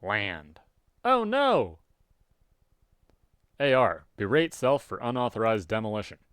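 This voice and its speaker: A man reading a webcomic aloud and chatting about it casually, with sudden loud, animated outbursts. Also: fairly low pitch, normal speed, clear, resonant tone, dry recording. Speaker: webcomic reader. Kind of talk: casual read-aloud with commentary.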